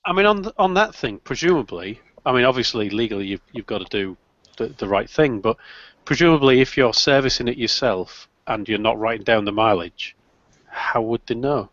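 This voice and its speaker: A man's voice: mid-range voice, animated, a little fast, a bit bright, no room sound. A British man hosts a casual group chat. He tells stories with a dry sense of humour. His voice sounds close and dry, and the audio is slightly muffled. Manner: chatty, storytelling with dry humour. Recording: dull lo-fi call audio.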